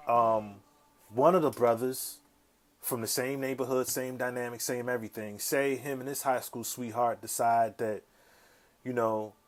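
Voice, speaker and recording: A man, hosting a podcast and telling a casual, profane story in slang, often checking in with the listener. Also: mid-range voice. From south side of Chicago, USA. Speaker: podcast host.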